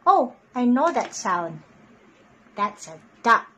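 A young adult woman reading picture books aloud to children in an animated, sing-song voice. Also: a little high, slow pace. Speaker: children's storyteller.

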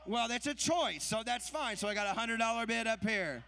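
Fast-chanting man calling a charity auction. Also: sits high, expressive, gravelly, pushed and bright. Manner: rapid rhythmic auctioneer chant, teasing the crowd. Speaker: auctioneer at a church fundraiser.

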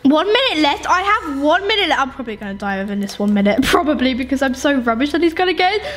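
A young woman giving excitable gaming commentary, shrieking and pleading with characters on screen. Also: high voice, quick pace. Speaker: gaming YouTuber. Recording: game music behind voice. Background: music.

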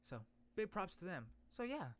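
A man streaming a casual comic readthrough, reacting excitably with gasps and exclamations. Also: sits high, moderate pace. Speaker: streamer reading a webtoon.

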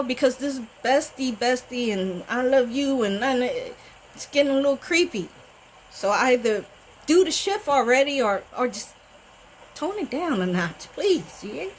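A woman giving a casual, animated recap of a TV show, often talking back to the characters. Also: high voice, a little hiss or hum, poor audio. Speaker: TV recap vlogger. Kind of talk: casual soap-opera recap.

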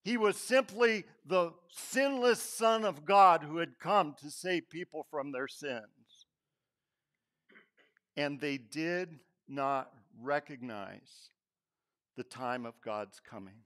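A man preaching a Palm Sunday sermon in church, telling stories and acting out quotes, sometimes dropping to a hushed voice. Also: on the high side, slow pace. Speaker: pastor.

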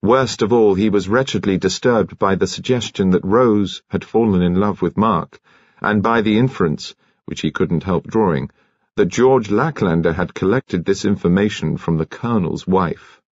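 A man reading an audiobook in a measured, expressive storytelling style. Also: low-pitched, dry recording, lo-fi sound. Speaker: audiobook narrator. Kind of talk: scripted audiobook narration.

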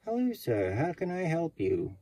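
A bank teller who sounds almost mechanical, with polite words delivered flat and stiff, as a man plays him. The voice sits noticeably higher than an ordinary speaking voice. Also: normal speed, breathy edge, no echo, full character voice. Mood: stiff formal. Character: stiff, overly formal male bank teller.

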